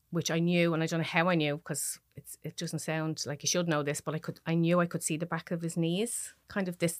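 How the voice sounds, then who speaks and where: Low-voiced Irish woman telling her story. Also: no echo, clean studio sound. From Dublin, Ireland. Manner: emotional, halting recollection. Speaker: podcast guest. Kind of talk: personal storytelling.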